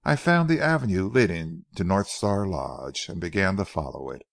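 A man voicing a calm, persistent police corporal who tells his account quietly and deliberately. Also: deep voice, gravelly, no echo, studio quality. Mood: steady.

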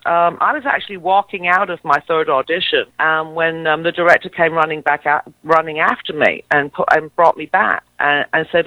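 An English actress in her fifties with a mid-Atlantic accent, telling stories in a casual interview. She is animated and uses many fillers and restarts. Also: low-pitched, moderate pace, dry recording. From England. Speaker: actress guest. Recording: dull, dry lo-fi recording.

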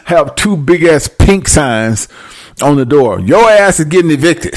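Man ranting, lively swooping pitch, fairly high voice, profane and preachy. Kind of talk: profane comedic rant.

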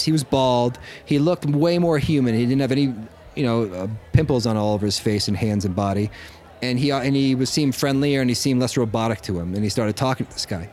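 A man with a mid-pitched voice hosts a casual podcast chat with his co-hosts. He tells his story in a loose, rambling way, stopping to correct himself and laughing often. When he gets excited, his voice jumps up. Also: fairly quick. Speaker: podcast host.

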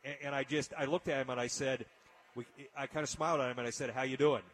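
A man's voice: medium pitch, fairly even intonation, quick pace, fairly bright tone. A man hosting a casual radio talk show, telling an emotional story with frequent restarts. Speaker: radio host.

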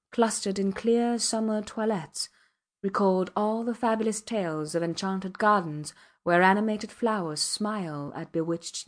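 A woman reading a classic novel aloud as an audiobook narrator, in measured storytelling that rises for the quoted dialogue. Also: medium pitch. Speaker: audiobook reader.

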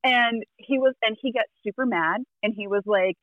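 A woman's voice: fairly high pitch, normal speed, few pauses, fairly bright tone, no echo, lo-fi sound. A woman tarot reader telling a story in casual chat, acting out the quotes and laughing often.

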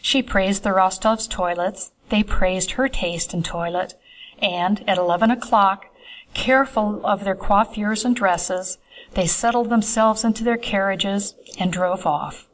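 A woman narrating an audiobook chapter in a measured, even way. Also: medium pitch, slight background noise, rough recording. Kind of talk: scripted narration.

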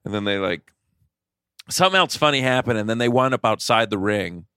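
A low-voiced man in a casual podcast chat who tells rambling stories with a lot of excitement. He often stumbles over his words and laughs as he goes. The recording is dry and close, with almost no room sound. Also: a little fast, clean tone, no room sound. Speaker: podcast co-host.

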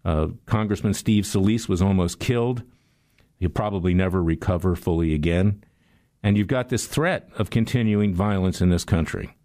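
An older man delivering a sarcastic political commentary monologue, telling stories and jokes. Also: on the low side. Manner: sarcastic, storytelling, animated.

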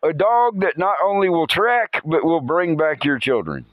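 A man's voice: fairly high pitch, big pitch swings, moderate pace, dull audio. A man hosting a podcast, telling rambling animal anecdotes in a casual way and chuckling often. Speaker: podcast host.

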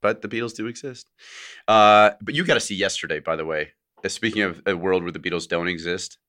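A deep-voiced man co-hosts a relaxed podcast. His tone is bright and forceful, and he breaks into laughs and quips while reading a listener's letter. The talk is loose and friendly. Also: a little fast. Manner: laughs often, joking asides while reading. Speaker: podcast co-host.

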